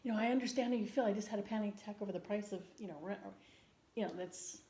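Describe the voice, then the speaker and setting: A woman vlogger in casual chat, speaking earnestly and gently with frequent ums and restarts. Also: medium pitch, rapid-fire. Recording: roomy indoor echo.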